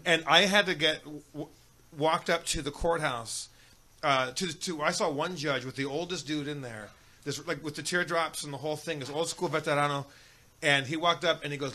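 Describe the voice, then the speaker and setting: A man's voice: on the high side, fast, sharp tone. A young man telling a rambling, profane jail story as a guest on a comedy podcast.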